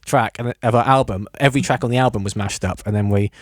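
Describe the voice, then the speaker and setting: A man's voice: medium pitch, fairly even intonation, quick pace, no echo. A man hosting a radio music show in a studio, chatting casually and jokily, laughing often and restarting his sentences with plenty of fillers.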